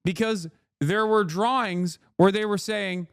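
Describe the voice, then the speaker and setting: A man's voice: high-pitched, fairly even intonation, unhurried, creaky, clean tone, dry recording, studio quality. A man hosting a livestream, ranting in profane, sarcastic commentary. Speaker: streamer host.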